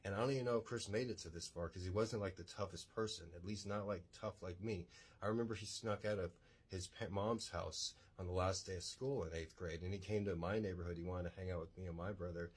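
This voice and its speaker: A man's voice: deep voice, fairly even intonation, fairly quick, breathy edge. A man in his forties from Texas, telling his own life story in a rambling, blunt, self-assured way. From San Antonio, Texas. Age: 40s. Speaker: podcast storyteller. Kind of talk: casual personal storytelling.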